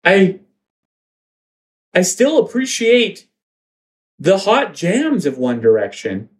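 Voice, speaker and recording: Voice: mid-range voice, wildly swooping pitch, slow pace, voice pushed up. A narrator voicing a group of bewildered teen girls waking from a trance. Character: dazed, newly awakened teen girls.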